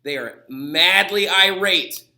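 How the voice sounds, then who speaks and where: A male history teacher giving a lively lecture video, telling history as an animated story with put-on voices. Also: high-pitched, slow.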